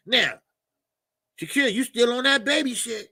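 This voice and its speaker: A man's voice: very high voice, expressive, moderate pace, sharp tone, husky, no room sound, clean studio sound. A man calling into a live show, talking boxing in heated, profane trash talk, often raising his voice.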